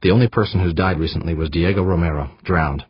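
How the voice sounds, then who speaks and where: A man voicing a sharp-tempered woman scientist who barks her demands with indignation. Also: sits low, fast talker, breathy edge, no room sound, muffled recording. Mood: grim. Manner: barking, indignant.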